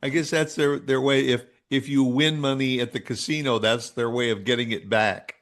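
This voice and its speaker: Brief: male podcast co-host, casual chat, medium pitch, frequent laughs, halting restarts. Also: fairly even intonation, a bit bright. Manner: laughs often, stammers on restarts.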